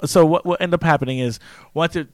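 A man's voice: on the high side, fast talker, no echo. A young American man in casual chat, playful and laughing often, joking about slipping into accents. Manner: playful, slips into put-on English accents.

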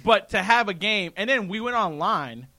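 A man's voice: high-pitched, moderate pace, dry recording. A man co-hosting a podcast in a small studio, bantering casually, joking and laughing easily. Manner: animated, laughs easily, jokey. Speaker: podcast co-host.

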